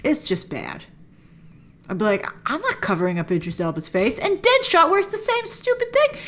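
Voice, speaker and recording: A woman hosting a film trailer reaction, chatting in a casual, opinionated way with quick asides and quoted voices. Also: mid-range voice, sing-song.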